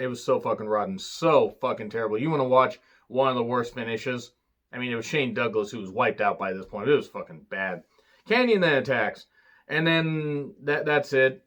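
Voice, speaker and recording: A man's voice: medium pitch, a bit bright. A man giving a casual, sarcastic recap of a wrestling show, swearing freely and trailing into fillers. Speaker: wrestling reviewer.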